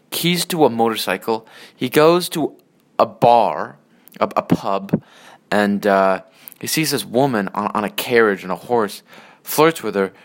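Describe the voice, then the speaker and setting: An adult man in a casual, rambling rant about old movies, swearing often and getting worked up. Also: mid-range voice. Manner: profane, rambling, excitable.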